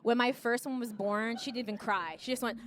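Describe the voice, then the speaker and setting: A woman's voice: on the high side, fairly even intonation, fairly quick. An American woman in her thirties performing live stand-up comedy, brassy and sassy, laughing at her own jokes and acting out voices. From United States. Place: comedy stage in front of a live audience.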